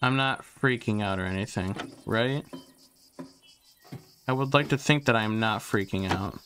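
A young man giving casual gameplay commentary as he sorts items and talks to himself, trailing off into fillers, and he gets loud and excitable once a fight starts. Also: lowish voice, measured pace, slight background noise. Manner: excitable, yells taunts when a fight starts. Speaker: gaming YouTuber.

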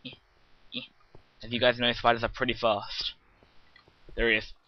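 A man's voice: medium pitch, level tone, normal speed, dry recording. A British man giving casual, rambling commentary on his game, chatting to viewers and joking at his own expense. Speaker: let's play gamer. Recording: slightly muffled with faint hiss.

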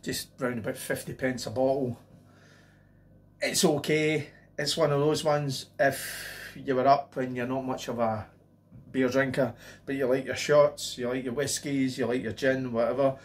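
A man's voice: mid-range voice, fairly even intonation, moderate pace. Chatty man reviewing lager. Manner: chatty, rambling, jokey asides. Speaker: beer reviewer. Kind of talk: casual beer review vlog.

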